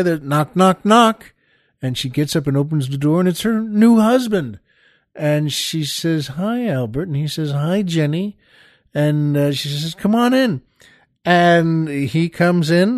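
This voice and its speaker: Brief: folksy male host with a somewhat high voice, chatty joke delivery, dry close sound. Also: a little mellow, no room sound. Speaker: show host.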